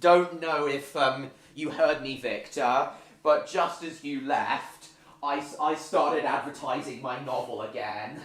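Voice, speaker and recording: A man's voice: medium pitch, measured pace, a bit bright, reverberant. A man hosting a live stream, chatting casually with viewers and reading out their comments, with frequent fillers and restarts.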